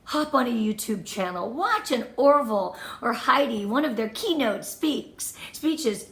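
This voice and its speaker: A woman's voice: mid-range voice, a bit bright, roomy sound. A woman leading a motivational training talk for her sales team, enthusiastic and emphatic, counting off tips and repeating her key points. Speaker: direct sales team leader.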